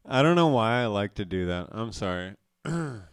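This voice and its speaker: A man's voice: fairly low pitch, smooth, no room sound, studio quality. A young man from South Dakota hosting a live show, rambling casually in a loose, profane, self-mocking way.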